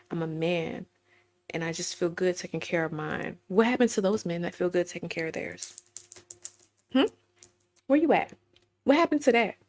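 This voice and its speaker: Bright, emphatic woman ranting opinions. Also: mid-range voice, gravelly. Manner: emphatic, sassy, rhetorical questions. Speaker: host. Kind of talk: opinion commentary to camera. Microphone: webcam while screen sharing.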